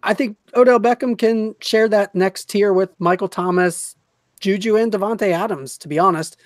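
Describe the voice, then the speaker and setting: A man's voice: high voice, normal speed, no room sound. A man joins a casual sports chat as co-host. He sounds laid-back and a little quizzical. His voice is recorded dry and close, with no room around it. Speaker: podcast co-host.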